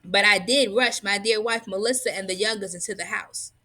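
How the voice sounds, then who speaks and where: A woman's voice: medium pitch, fairly quick. Woman reading a storybook aloud. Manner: expressive, lively storytelling. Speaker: reader.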